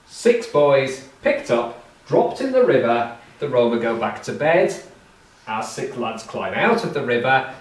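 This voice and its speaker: Lively man telling a story to a crowd. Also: medium pitch, a little slow. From Britain. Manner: chatty, asides and questions to the audience. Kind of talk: live oral storytelling to an audience. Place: indoor event hall. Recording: roomy hall from far off.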